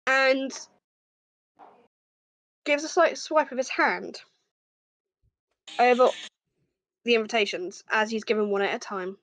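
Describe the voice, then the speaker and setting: A woman narrating a tabletop game as game master, describing scenes with frequent pauses. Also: a little high, no room sound.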